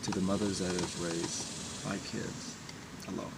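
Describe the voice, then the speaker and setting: A man's voice: sits low, little pitch movement, a little slow, gravelly. A man talking in a raw, emotional personal confession, blunt and profane. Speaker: vlogger. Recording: distant mic with vehicle noise.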